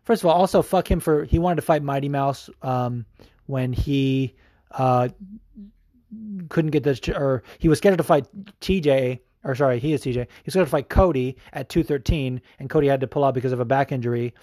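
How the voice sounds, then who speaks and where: A man's voice: mid-range voice, fairly quick, warm tone, no room sound, studio quality. Profane rambling male podcast host. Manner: profane, rambling, frequent fillers. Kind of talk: casual podcast commentary.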